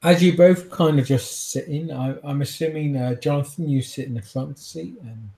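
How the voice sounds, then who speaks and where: A man's voice: fairly high pitch, moderate pace, vocal fry, dark tone. A man running a tabletop game as game master, describing scenes with frequent fillers. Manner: descriptive, laughs often, hesitant fillers.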